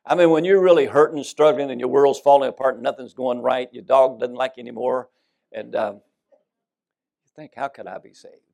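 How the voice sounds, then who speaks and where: A man preaching a sermon, swinging between loud emphasis and soft drops. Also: mid-range voice, fairly even intonation, normal speed, gravelly.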